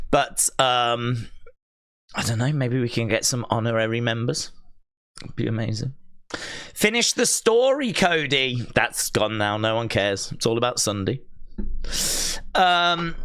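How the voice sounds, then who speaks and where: A man hosting a wrestling watch-along live stream, chatting excitedly, reading viewer comments and often breaking into high, squealing shouts. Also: clear, resonant tone. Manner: giddy, jumps to squealing high shouts, rambling.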